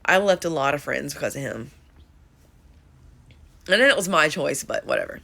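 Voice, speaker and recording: A woman's voice: deep voice, animated, normal speed, creaky, sharp tone. A young woman reacting emotionally to a song in a vlog, confessional, sighing and swearing. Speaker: vlogger.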